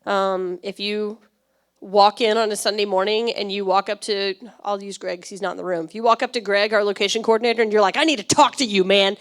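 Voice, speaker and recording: A woman pastor giving a conversational sermon, chatty and quick to laugh, often checking in with her listeners. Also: mid-range voice, steady tone, smooth. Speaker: church pastor.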